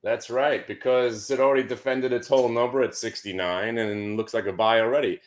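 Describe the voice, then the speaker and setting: A man's voice: medium pitch, steady tone, fairly quick. A man joining a market show as a guest over a video call, rambling eagerly about his trades. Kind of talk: casual market chat.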